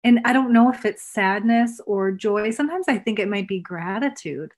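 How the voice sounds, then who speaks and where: An earnest woman in a relaxed podcast chat. She speaks in a reflective, heartfelt way, with a mid-range voice. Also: mid-range voice, moderate pace. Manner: earnest, reflective, talks about energy and truth. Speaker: guest, former coach. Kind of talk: casual podcast conversation.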